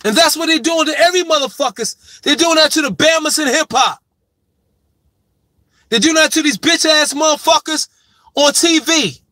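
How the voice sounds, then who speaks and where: A sports commentator with a very high voice lectures his subject in a profane, emphatic opinion monologue, repeating his main point with heavy stress to hammer it home. He speaks at normal speed in a pushed, bright tone, and the recording has no room sound.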